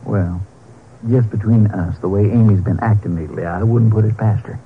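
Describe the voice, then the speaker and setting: An actor playing a folksy, easygoing small-town sheriff, in 1940s radio acting on a dull old broadcast. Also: male voice, fairly low pitch, steady tone, moderate pace, a little hiss or hum, lightly acted. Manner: drawling, folksy.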